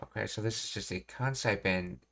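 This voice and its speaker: A man thinking aloud as he works through Japanese grammar on a live stream, reading notes and pausing often to puzzle things out. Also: lowish voice, vocal fry, a bit bright, slight background noise. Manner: slow, halting, pausing to read and puzzle things out. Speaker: language learning streamer.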